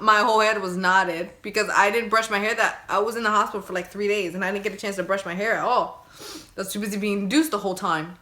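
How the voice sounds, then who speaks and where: A young adult woman with a medium-pitched voice casually tells her viewers her birth story. She's chatty and animated, acting out her own crying and pleading.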